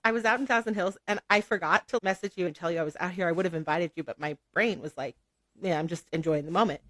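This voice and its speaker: Woman, podcast guest, lower pitch, dry sound, laughs often, casual "like" fillers. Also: fast talker, no echo. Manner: giggly, animated storytelling with many "like" fillers. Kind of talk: casual interview chat.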